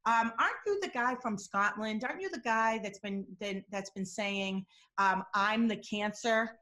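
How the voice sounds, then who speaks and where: A woman acting out a male athlete who angrily denies accusations, her pitch climbing as he grows more defensive. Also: unhurried, pushed and bright. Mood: indignant. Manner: rising heated defensive tone.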